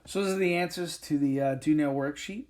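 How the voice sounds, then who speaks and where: Here a man with a slightly high, darkish voice gives an English grammar lesson on a whiteboard recording. He goes step by step, stopping often and filling gaps with fillers.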